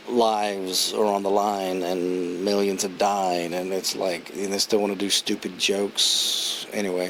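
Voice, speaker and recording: A man with a lowish voice talks through a film review in a loose, rambling way, restarting sentences and chuckling as he retells scenes. A faint hum of room ambience sits behind him. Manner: rambling, chatty, many restarts and fillers. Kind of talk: casual spoken film review.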